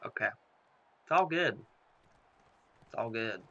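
A young man commentating his own football video game live, excitable, swearing, and talking to the screen. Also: mid-range voice, slow, muffled recording. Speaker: gaming commentator.

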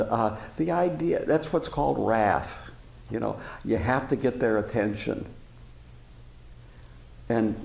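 A man giving a dharma talk as a Buddhist teacher, telling stories in a relaxed way with frequent fillers and chuckles. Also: mid-range voice, vocal fry. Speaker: Buddhist teacher and former prison chaplain. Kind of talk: dharma talk to a live audience. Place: meditation center hall. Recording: roomy hall reverb.

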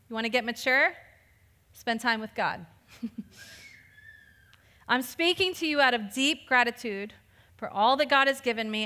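A woman pastor giving a lively, conversational sermon, laughing often as she preaches. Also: fairly high pitch, long reverb tail.

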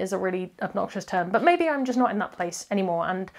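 A woman reviewing books in a casual, chatty vlog, rambling with quick asides and self-corrections. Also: medium pitch, animated. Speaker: book reviewer.

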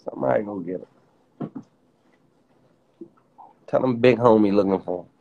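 A man's voice: lowish voice, a little slow, creaky, muffled recording, slight background noise. A man from the Washington DC area on a casual livestream, joking and cursing, often breaking into laughter.

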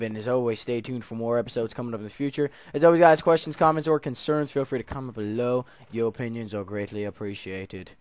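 A young man hosting a let's play, commenting excitedly and groaning at the game. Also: medium pitch, fast, hardly any pauses, smooth, no echo. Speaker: gaming channel host.

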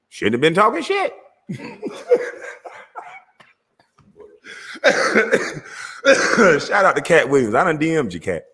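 Husky animated man ranting with a Southern twang. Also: a little high, takes it slowly, long pauses, big-room sound. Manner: loud, animated, laughing, heavy cursing. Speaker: show host. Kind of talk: casual profane rant.

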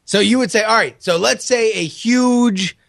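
Podcast co-host, man with a high voice, eager interjections, dry close sound. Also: a little slow, creaky, fairly bright tone, dry recording. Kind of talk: casual comedic chat.

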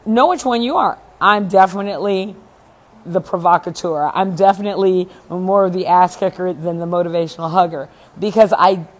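A woman hosting a casual live chat with viewers, talking in a blunt, emphatic way and swearing freely. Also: lowish voice. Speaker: event host and speaker.

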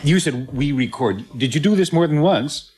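A man's voice: a little high, lively intonation, normal speed, a little mellow, breathy edge. A man on a 1970s TV game show panel, asking questions with dry, wry wit. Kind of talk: quizzing a contestant.

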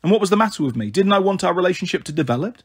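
A man's voice: high voice, animated, very fast, slightly rough, voice pushed up, full character voice. A man reading aloud and voicing an upset thirteen-year-old girl who talks hesitantly and tearfully. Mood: troubled. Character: upset teenage girl, anxious and pressured.

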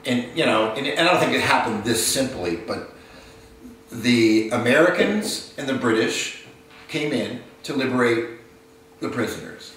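A man's voice: mid-range voice, expressive, fairly bright tone. Older man recalling his father, roomy sound. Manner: unhurried, halting storytelling with repeated restarts. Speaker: son of a war veteran, interviewee. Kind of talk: personal recollection, storytelling. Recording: very roomy, distant mic, faint hiss.

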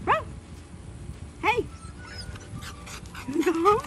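A woman vlogging with her dogs on a phone, giggling and cooing to them in high baby talk. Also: sing-song, slow pace, pauses often, very noisy. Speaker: dog owner vlogger. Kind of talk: casual vlog chat.

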